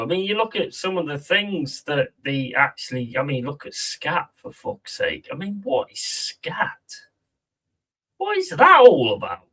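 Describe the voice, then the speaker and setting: A man's voice: on the high side, a bit bright, breathy edge, rough recording. A man chatting casually on a live stream, rambling, mocking and swearing a lot.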